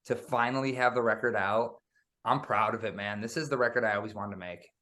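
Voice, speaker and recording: Male guest musician, easygoing and animated, casual interview storyteller. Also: lowish voice, brisk. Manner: animated storyteller, says "man" often.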